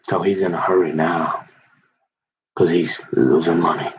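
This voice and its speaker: A man spins a meandering, colloquial rant, circling back and restarting his thoughts. His voice is low and husky. The recording sounds dull and lo-fi. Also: fairly even intonation, measured pace. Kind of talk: rambling storytelling rant.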